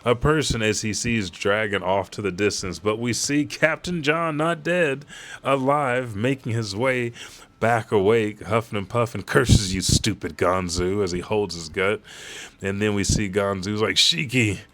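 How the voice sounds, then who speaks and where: Low-voiced young guy, excitable fan narration, swears freely, chatty live read. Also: unhurried. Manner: excitable, profane, fan-style commentary. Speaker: host reading a manga chapter live. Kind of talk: casual live read with commentary.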